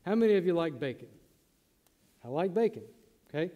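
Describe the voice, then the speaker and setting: A man with a high yet mellow voice preaches a sermon to his congregation in a church sanctuary. He keeps it conversational and acts out the lines he quotes. The hall gives his voice a long reverb. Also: sing-song, brisk. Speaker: pastor.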